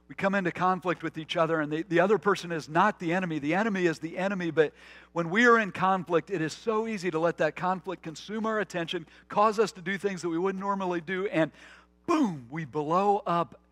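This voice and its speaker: A man in the pulpit delivers a conversational sermon, slipping into stories and restarting his phrases as he goes. His voice sits a little high for a man, and he drops to a quiet, slow register for emphasis. The sound is dry and close. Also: no echo. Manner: earnest, storytelling, with frequent restarts. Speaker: pastor.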